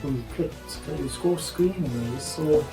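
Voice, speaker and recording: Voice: medium pitch, a little slow, echoey room, over loud music. A player casually co-commentating his own strategy game, joking and swearing casually.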